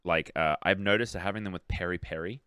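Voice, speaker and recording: A man's voice: low voice, fast talker, clean tone, no echo, studio quality. A young Australian man co-hosting a podcast, chatting casually and rambling through his points. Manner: rambling, animated, self-interrupting. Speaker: podcast co-host. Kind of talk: casual chat.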